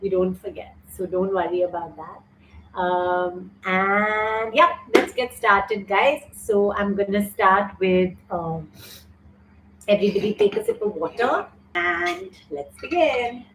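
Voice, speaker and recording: A woman's voice: mid-range voice, slow, fairly bright tone, a little hiss or hum. A middle-aged woman hosting a live online yoga class, teary and heartfelt as she talks to viewers and reads their comments. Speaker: yoga teacher and show host. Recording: roomy echo, distant mic, faint ambience.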